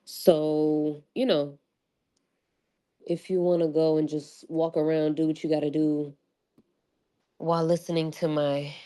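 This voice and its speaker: A woman's voice: sits low, flat delivery, measured pace, long pauses, mellow. A woman with a New York accent giving a casual, chatty astrology reading, often checking in with the listener. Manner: chatty, loose, asks "right?" often. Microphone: audio only, no video.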